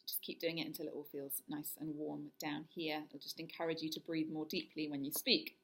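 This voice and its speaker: A woman voice coach leading a guided vocal warm-up, talking through each exercise step by step. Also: sits low, flat delivery, fairly quick, creaky. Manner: demonstrates yawns, hisses, hums and sirens; instructive, step-by-step.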